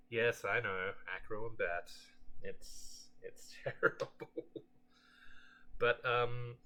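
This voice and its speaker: A man's voice: lowish voice, bright, forceful tone. A man hosting a casual let's play, musing hesitantly with many fillers. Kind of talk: casual game commentary.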